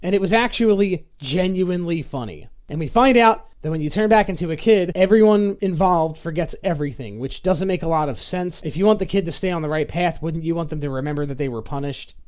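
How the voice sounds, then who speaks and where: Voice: mid-range voice, brisk, few pauses, a little mellow. A video reviewer narrating a sarcastic, profane comedy review of an old TV show, sounding exasperated. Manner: sarcastic, exasperated, swears often.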